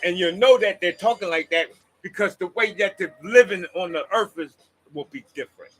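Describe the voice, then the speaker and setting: A man's voice: high-pitched, brisk, fairly bright tone, low-quality recording. A man hosting a rambling, preachy monologue, swearing and talking to his listeners as y'all. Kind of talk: casual spoken monologue.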